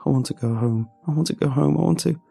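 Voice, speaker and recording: A man's voice: on the high side, fast talker, vocal fry, warm tone, breathy edge, faint music behind, pitched above the performer's own voice, full character voice. A man voicing a terrified crewman who whimpers and repeats himself, in a spoken horror story. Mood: whimpering terror. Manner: whimpering, repetitive.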